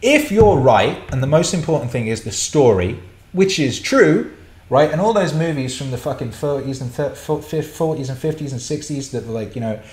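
A man's voice: medium pitch, lively intonation, brisk, a little mellow. A middle-aged man hosting a casual livestream Q&A, blunt and sweary as he rants and answers chat questions. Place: indoor room. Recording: roomy echo.

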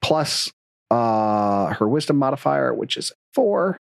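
A man's voice: medium pitch, sing-song, slow, vocal fry, no echo. A man acting as game master, narrating combat and rules in a playful, teasing way. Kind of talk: running a tabletop game.

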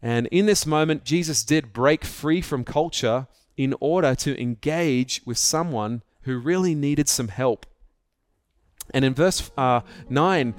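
Male pastor, chatty sermon style, light guitar bed. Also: a little high. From Australia. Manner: conversational, anecdotal, asks rhetorical questions.

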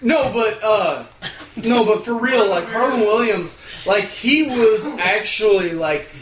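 A man's voice: sits high, takes it slowly, reverberant, crowd noise. A man in casual chat with friends, rambling with lots of fillers. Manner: rambling storyteller, many fillers like "like".

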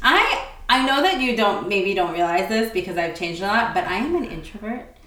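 A woman's voice: mid-range voice, lively intonation, normal speed, fairly bright tone. A woman co-hosting a podcast in casual chat, with a dry, blunt, sweary way of talking. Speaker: podcast co-host.

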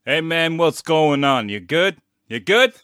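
A man puts on a pushy, swaggering Brooklyn tough guy in a comedy podcast bit. He is crude and revved up, and he talks over everyone. The voice sits a little high and bright, recorded dry and close. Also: lively intonation, unhurried, no echo. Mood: hyped. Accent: put-on Brooklyn. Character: brash, hyped-up male New Yorker, crude.

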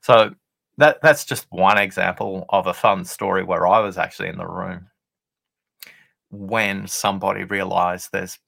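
A man being interviewed as a podcast guest, telling a workplace anecdote in a deliberate, conversational way with pauses for effect. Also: low-pitched, steady tone, vocal fry, a bit bright. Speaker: podcast guest, listening expert.

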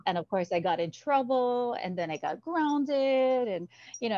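A woman's voice: mid-range voice, moderate pace, no echo, dull audio. A woman from Hawaii, a guest telling stories in an interview and acting out the voices in them. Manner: animated, acts out the voices in her stories. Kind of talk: storytelling interview.

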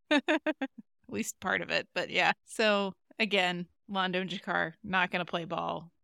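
A woman's voice: lowish voice, steady tone, measured pace, vocal fry, sharp tone, dry recording, studio quality. A woman co-hosting a podcast, recapping an episode in casual chat and giggling often. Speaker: podcast co-host.

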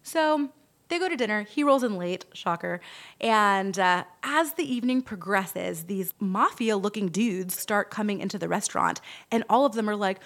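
A woman spins a long story in relaxed podcast chat. She speaks at a middling pitch and slips into the voices of the people she quotes. Her talk is lively and salted with curses. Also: moderate pace. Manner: animated storyteller, acts out quoted voices, swears freely. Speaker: podcast host.

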